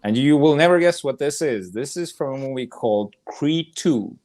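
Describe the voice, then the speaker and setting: A man chats casually on a podcast, eager and quick to react to the others. His voice sits at an ordinary middle pitch. He describes film scenes with building excitement. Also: a little hiss or hum. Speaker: podcast co-host. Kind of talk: casual chat.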